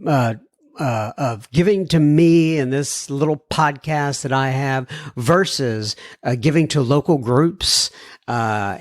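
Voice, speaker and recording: A man's voice: medium pitch, dry recording, clean studio sound. A man from Texas hosting a podcast, reading listener emails aloud and talking to his listeners in an earnest, rambling way with many restarts. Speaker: podcast host.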